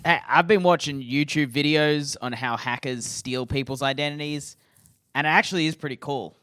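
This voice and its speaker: A man's voice: fairly high pitch, normal speed, bright, forceful tone, clean tone, no room sound, studio quality. A man co-hosting a comedy podcast, telling rambling, playful stories in casual chat. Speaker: podcast co-host.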